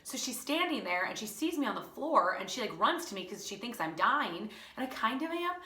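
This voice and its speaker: A woman teacher spins a personal story in a loose, chatty way, piling up fillers and laughing as she goes. Her voice is bright and forward. The room around her rings with a noticeable echo. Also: on the high side, brisk. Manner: animated, lots of fillers, laughing through the tale. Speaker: teacher and channel host.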